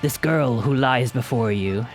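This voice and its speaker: A man's voice: a little slow, music in the background, natural voice. A man voicing a scheming male villain who fawns theatrically over his queen. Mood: gloating. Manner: theatrical, fawning, pitched up.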